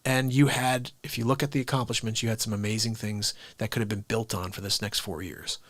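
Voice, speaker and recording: A man's voice: on the low side, fairly even intonation, fairly quick, a bit bright, no echo. A man hosting his daily live stream, ranting casually and talking straight to his viewers. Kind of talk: unscripted live-stream chat.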